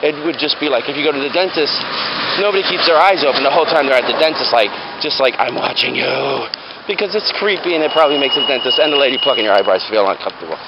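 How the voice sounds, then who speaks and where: A man's voice: medium pitch, very fast. A middle-aged man telling a funny story in a casual, rambling way, full of fillers. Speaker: vlogger. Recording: muffled with loud background noise.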